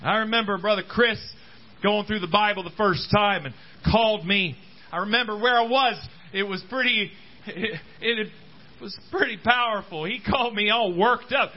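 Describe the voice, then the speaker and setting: A man's voice: high voice, moderate pace, muffled recording. A man preaching a sermon at a church service, calling out to the congregation. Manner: animated preaching, calls out to congregation. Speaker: pastor.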